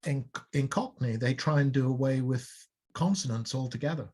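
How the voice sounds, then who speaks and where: A man's voice: medium pitch, moderate pace, darkish tone. An older man from Liverpool with a Liverpool accent, co-hosting a casual chat and rambling playfully between tangents. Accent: Liverpool English. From Liverpool, England. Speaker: co-host.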